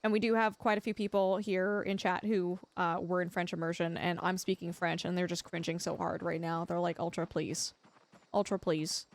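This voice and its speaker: A woman's voice: on the low side, flat delivery, a little fast, few pauses. A young adult woman from Canada, livestreaming a game and chatting casually and giggly with her viewers. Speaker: livestream gamer.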